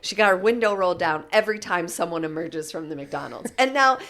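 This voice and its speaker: A woman's voice: fairly low pitch, animated, brisk, a bit bright. A woman in her forties, a podcast co-host, telling a story in casual chat and laughing often.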